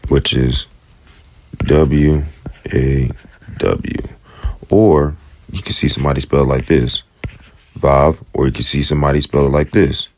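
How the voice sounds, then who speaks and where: A man with an African American English accent teaching the Hebrew alphabet in a casual lesson, slowly repeating each letter's sound. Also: very deep voice, fairly even intonation, a little hiss or hum. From United States.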